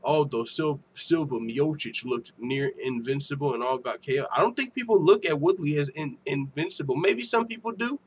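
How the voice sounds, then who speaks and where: A man hosting a casual livestream, reading viewer comments aloud with profane, laughing, animated banter. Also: on the high side, moderate pace, hardly any pauses, slight background noise. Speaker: MMA show host.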